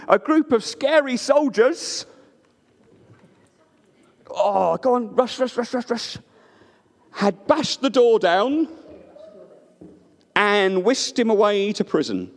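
A man telling a story to a crowd in a big hall, high-pitched and hugely animated, swooping up and down. He speaks slowly and playfully, pulling listeners into the tale. A long reverb trails his voice. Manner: expressive, playful, asks listeners to join in. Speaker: children's storyteller. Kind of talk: animated storytelling with audience participation.

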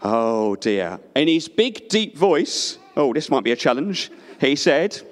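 A man telling a story to a live audience in a playful, expressive way, inviting listeners to join in. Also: medium pitch, takes it slowly. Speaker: children's storyteller. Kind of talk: animated storytelling with audience participation. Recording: reverberant hall.

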